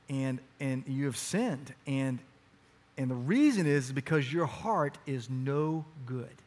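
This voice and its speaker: A man's voice: a little high, a little mellow. A middle-aged man preaching a sermon in a church, earnest and pressing, his voice climbing as he drives each point home. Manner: earnest, rising to emphatic urgency. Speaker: pastor.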